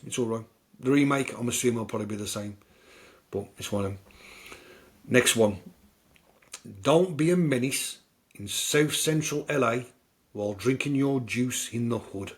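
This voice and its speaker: A man with a British accent, hosting a podcast and rambling through film recaps in a loose, chatty way. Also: mid-range voice. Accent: British English. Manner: rambling, chatty storytelling with many fillers. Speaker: podcast host. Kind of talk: casual film chat.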